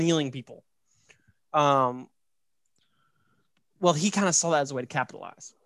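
Talkative man with a higher voice. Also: dry recording, studio quality. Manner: animated and joking, full of "right?" and "like". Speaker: podcast host. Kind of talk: casual storytelling chat.

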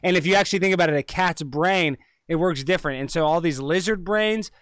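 A man co-hosting a casual livestream, jokey and excitable, playfully yelling shout-outs. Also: on the high side, a little fast, clean tone, dry recording, studio quality. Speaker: podcast host, guest.

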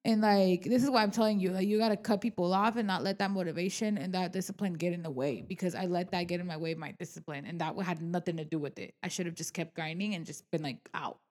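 A woman's voice: fairly low pitch, fast, hardly any pauses. A young woman co-hosting a podcast, talking candidly about her work, swearing often and acting out what people said. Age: young adult. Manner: candid and animated, frequent swearing and filler words; acts out quoted dialogue. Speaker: podcast co-host, real estate agent. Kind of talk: casual podcast chat.

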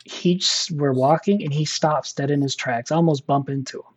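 A man's voice: on the high side, normal speed, slightly rough, muffled recording. A man casually telling a personal story, rambling with many fillers and restarts. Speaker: storyteller guest.

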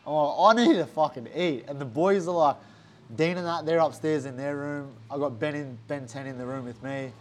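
A man's voice: fairly high pitch, steady tone, normal speed, soft background music. A young Australian man, a fighter, telling a story in a casual interview, swearing a lot and acting out what others said. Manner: swears a lot, acts out quotes animatedly.

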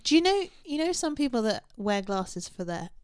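A woman's voice: fairly high pitch, very animated, moderate pace, a little mellow, clear, resonant tone, no echo, studio quality. A young English woman co-hosting a podcast, joking around in a casual chat about a true crime case. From England. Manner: jokey, playful asides. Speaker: podcast co-host.

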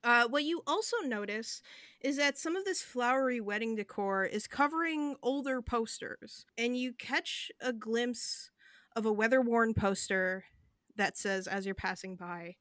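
A woman's voice: on the high side, moderate pace, a bit bright, dry recording. Woman game master narrating, dry sound. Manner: describes scenes at length, with fillers.

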